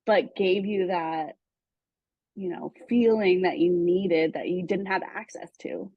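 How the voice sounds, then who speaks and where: Husky woman host asking questions. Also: fairly low pitch, takes it slowly, no room sound. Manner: supportive, reflective questions. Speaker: host, coach. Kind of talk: casual interview. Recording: dull lo-fi dry sound.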